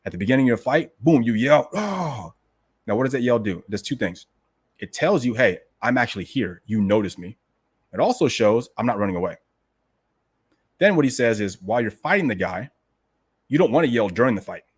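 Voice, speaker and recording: A man's voice: mid-range voice, animated, fast talker, breathy edge. A man hosting a show who reads passages from a classic text aloud and then explains them in a casual, emphatic way, often asking "right?" and talking to the listeners as "guys". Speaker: host explaining a martial arts classic.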